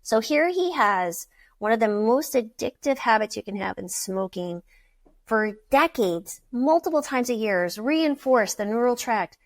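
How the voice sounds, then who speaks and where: A woman physician telling patient stories in a casual podcast conversation, lively as she acts out quoted voices. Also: fairly high pitch, measured pace, dry recording. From United States. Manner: animated storyteller, acting out quoted patients. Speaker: physician guest.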